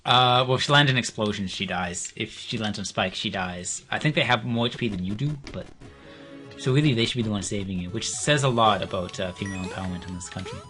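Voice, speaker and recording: A man's voice: on the low side, fast talker, bright, forceful tone, faint music behind. Dry, sarcastic man playing a game. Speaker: co-host playing a video game. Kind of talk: casual gaming commentary.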